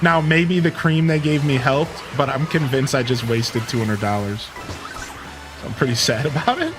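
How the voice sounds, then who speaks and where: A man livestreaming and chatting casually with his viewers, telling a rambling, animated story full of filler words. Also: mid-range voice, moderate pace, music in the background. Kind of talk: casual chat with stream viewers.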